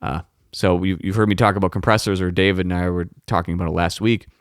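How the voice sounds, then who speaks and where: Man, low voice, rambling and profane, close dry studio mic. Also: steady tone, quick pace, clear, resonant tone, no room sound. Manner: rambling, profane, self-interrupting. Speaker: podcast host. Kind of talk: casual solo talk about audio gear. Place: home recording setup. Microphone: close dynamic studio microphone.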